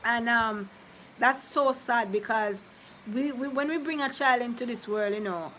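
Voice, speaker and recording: A woman in her thirties talking on a live stream, her voice set a bit high. She rambles and circles back in a heartfelt, personal way. There is steady noise under the voice. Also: unhurried. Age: 30s. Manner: rambling and heartfelt, repeating herself, talking to viewers. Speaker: vlogger reading live chat. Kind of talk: casual live-stream chat.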